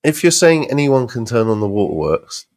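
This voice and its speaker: A man's voice: medium pitch, sing-song, moderate pace, darkish tone, no echo, studio quality. A man hosting a live stream, giving sarcastic, mocking commentary to his audience over played clips. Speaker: livestream host.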